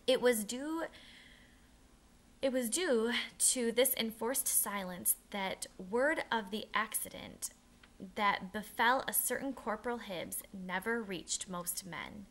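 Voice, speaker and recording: A woman narrating a children's historical novel aloud, expressive, with occasional restarts and self-corrections. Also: fairly high pitch, takes it slowly.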